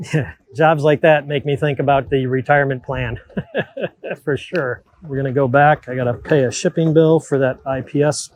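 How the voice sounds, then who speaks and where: A middle-aged man with an ordinary, mid-pitched voice talks through his boat repairs in a relaxed, chatty way. He explains each step plainly, as if to a friend. Faint noise sits behind him. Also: rough recording. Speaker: boat mechanic. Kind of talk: casual work vlog. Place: on and around boats at a marina.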